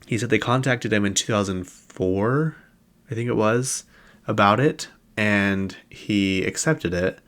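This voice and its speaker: A man's voice: fairly low pitch, a bit bright. A man hosting a podcast, chatting casually about celebrity news in a rambling way with lots of fillers. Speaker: podcast host.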